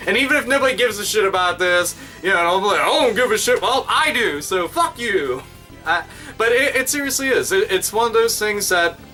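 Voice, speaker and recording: A man in his thirties talking casually in a rambling, profane vlog monologue. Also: fairly high pitch. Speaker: YouTube vlogger. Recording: bright voice, somewhat distant mic, faint music.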